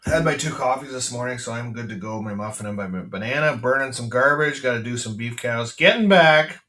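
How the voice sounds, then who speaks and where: A Canadian farmer hosts his podcast from the farm in a blunt, rambling monologue full of fillers and restarts. His mid-range voice is bright and forceful, a little fast, and he sits far from the mic.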